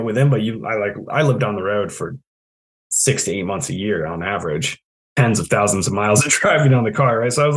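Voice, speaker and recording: A man's voice: on the low side, low-quality recording. A man in his thirties from New England, telling stories as a podcast guest in a laid-back, self-mocking way with frequent laughs. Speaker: guest, trail project manager. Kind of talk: casual storytelling.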